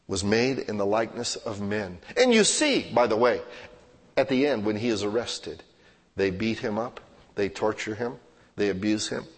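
A male pastor preaching a sermon, swinging from hushed to loud and acting out everyday scenes in quoted voices. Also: lowish voice, lively intonation, moderate pace. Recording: long hall reverb.

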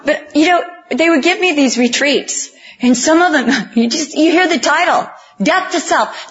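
A woman preaching to a women's group, telling stories with animated, self-mocking humor and acting out the voices of the people in them. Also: high voice, moderate pace, a little hiss or hum. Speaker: women's ministry speaker. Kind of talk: humorous sermon storytelling. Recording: dull lo-fi recording.

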